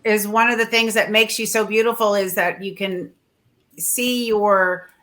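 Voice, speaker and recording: A woman's voice: medium pitch, fairly even intonation, unhurried, a bit bright. A woman hosting a casual interview show, speaking in an effusive, gushing way. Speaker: talk show host.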